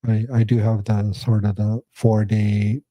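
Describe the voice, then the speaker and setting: Male organizer, flat hesitant delivery, dark mellow tone. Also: fairly low pitch, unhurried, no room sound. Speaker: workshop organizer. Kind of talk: casual live-stream chat.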